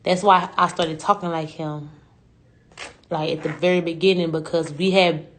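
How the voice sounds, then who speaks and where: A young woman talks on a livestream in a slightly low voice. She rambles through her story, swears often and uses a lot of slang. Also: fairly even intonation, moderate pace, a little hiss or hum. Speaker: rapper.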